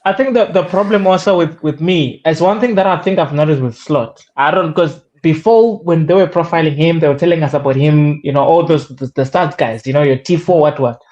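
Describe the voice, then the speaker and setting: A man's voice: fairly high pitch, brisk, few pauses, darkish tone, dull audio. A man on a casual football call-in who speaks hesitantly and restarts his sentences. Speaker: caller.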